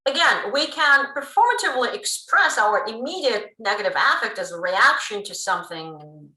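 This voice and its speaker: A woman giving a pre-recorded linguistics lecture, explaining in a lively way with frequent ums. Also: on the high side, moderate pace. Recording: roomy room sound.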